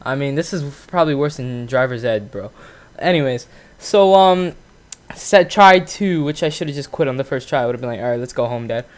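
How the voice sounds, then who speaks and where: A man's voice: a little high, expressive, normal speed, smooth. A teenage boy hosting his own channel, telling a story in a casual, profane rant full of fillers. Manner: profane, ranting, lots of fillers. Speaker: gaming channel host.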